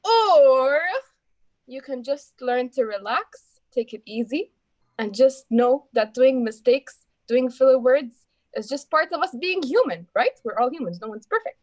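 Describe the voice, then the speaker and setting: A woman's voice: sits high, expressive, a little slow, no room sound, poor audio. A woman reports filler-word counts to her speaking club in a chatty, encouraging way and calls people dear. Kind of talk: friendly report and breathing exercise.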